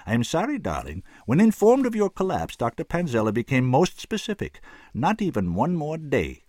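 A man reading an audiobook, voicing a smug, ruthless male tycoon who talks slowly and condescendingly. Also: fairly high pitch, wildly swooping pitch, darkish tone, dry recording, clean studio sound, voice pushed up. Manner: slow, silky and condescending.

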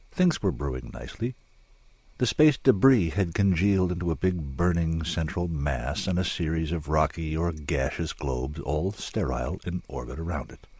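A man narrating a story in a measured, dramatic way, with drawn-out pauses. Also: extremely low pitch, darkish tone, slightly rough, no room sound.

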